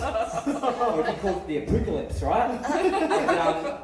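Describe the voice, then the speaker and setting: A man's voice: very high-pitched, big pitch swings, measured pace, distant mic, a loud crowd. A man doing crude, rambling open mic stand-up and laughing at his own jokes. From Australia. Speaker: stand-up comedian. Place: small venue, in front of an audience. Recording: echoey room picked up from afar.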